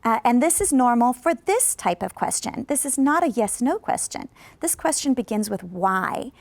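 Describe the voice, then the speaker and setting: A woman teaching an English lesson in a scripted classroom style, encouraging viewers to answer and modeling sentences slowly for them to repeat. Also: fairly high pitch, sing-song, creaky, no echo. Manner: slow, carefully drawn-out model sentences for repetition; encouraging, coaxes replies from viewers. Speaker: ESL teacher. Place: studio.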